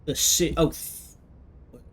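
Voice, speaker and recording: A man's voice: drawn-out words, fairly bright tone. A man giving casual let's-play commentary, joking and sarcastic, swearing freely. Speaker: gaming video host.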